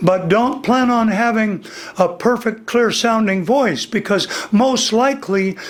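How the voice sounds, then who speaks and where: Older man with a slightly worn voice. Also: high-pitched. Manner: demonstrates vocal registers, slow and deliberate. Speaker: voice teacher. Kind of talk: instructional interview.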